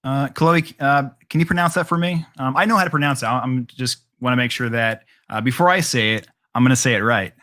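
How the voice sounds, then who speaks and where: In a classroom lecture, a man with a medium-pitched, bright, forceful voice teaches math fairly quickly, with hardly any pauses. His explanation of the steps is casual and full of filler, with frequent ums, all rights, and restarts.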